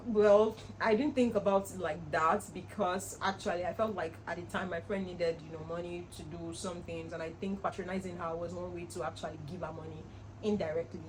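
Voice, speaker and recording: A young woman in her twenties, a vlogger telling a personal story to camera in an earnest, animated way. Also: on the low side, fairly quick, background noise. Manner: earnest, animated, with laughs and reenacted quotes.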